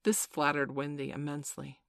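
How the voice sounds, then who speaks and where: A woman narrating a classic children's story aloud in a gentle, expressive way. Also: deep voice, moderate pace, gravelly, no room sound.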